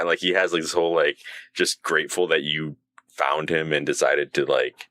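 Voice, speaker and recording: A man's voice: extremely low pitch, little pitch movement, moderate pace, pushed and bright, dry recording. A man co-hosting a casual gaming podcast, rambling and laughing as he retells scenes. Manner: rambling, laughs often, acts out game characters. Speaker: podcast co-host.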